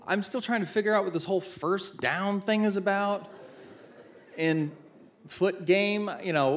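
With a high voice, a man in his thirties who used to play football delivers an inspirational talk. He pokes fun at himself while sharing personal stories and performing the dialogue.

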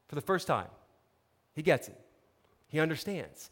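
A man preaching a sermon, telling a story with lively, conversational asides to his listeners. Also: mid-range voice, fairly quick, pauses often, in a large hall. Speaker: pastor.

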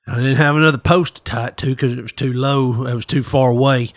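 A man voicing a weary, ornery old farmer who tells his tale in a low, quiet, drawn-out way. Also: fairly even intonation, close to an everyday voice. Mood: rueful.

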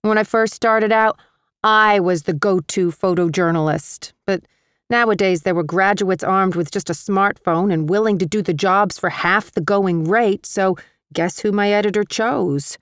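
A woman reads a first-person audiobook in a wry, measured way at an unhurried pace. Her voice is smooth and clear, recorded dry and close in a booth. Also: medium pitch, dry recording. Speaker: audiobook narrator.

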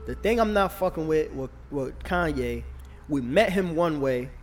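Chill guy hosting a podcast, kinda high voice, keeps saying you know what im saying. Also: lively intonation, a little slow, faint music behind. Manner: laid-back, repeats "you know what I'm saying". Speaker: podcast host and comedian. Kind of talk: casual chat.

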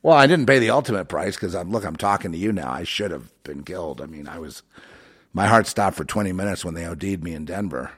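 A man hosting his own show, talking in a long rambling monologue with a lowish voice. He swings from loud outbursts to quiet muttering and fills his talk with fillers and restarts. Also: expressive, fast talker, husky. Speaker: show host.

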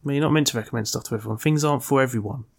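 A man's voice: medium pitch, rapid-fire, gravelly, slightly rough. A man co-hosting a podcast, answering in short, dry and teasing remarks. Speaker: podcast co-host. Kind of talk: casual chat.

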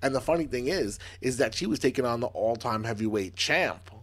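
A congested man co-hosting a relaxed chat, his pitch swinging widely as he tells stories. He acts out little mock quotes with playful energy, at a middling pitch. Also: a little fast. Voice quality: accent slipping into a Boston sound. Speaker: podcast co-host. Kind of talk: casual chat.

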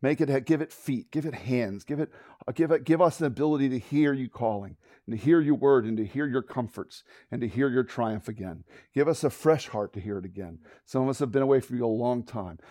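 A man preaching a sermon, telling a Bible story with lively acted-out voices and closing in a hushed prayer. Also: mid-range voice, fairly quick, no echo, studio quality. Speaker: pastor.

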